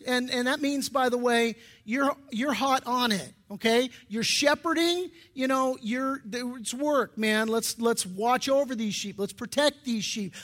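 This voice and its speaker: High-voiced man preaching, conversational and emphatic. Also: fairly bright tone. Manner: conversational and emphatic, with frequent restarts. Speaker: pastor. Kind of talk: sermon.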